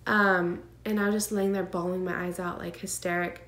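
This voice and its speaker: A woman's voice: lowish voice, level tone, moderate pace, a bit bright. Woman telling an emotional story, echoey room. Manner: emotional, earnest, many fillers and nervous laughs. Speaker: vlogger sharing her twin pregnancy. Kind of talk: casual personal storytelling.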